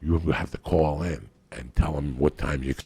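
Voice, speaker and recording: A man's voice: rumbling low, fairly even intonation, normal speed, gravelly, husky, no echo. A man telling a raunchy story on a podcast in a brash, profane way. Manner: brash, profane, builds to laughing shouts.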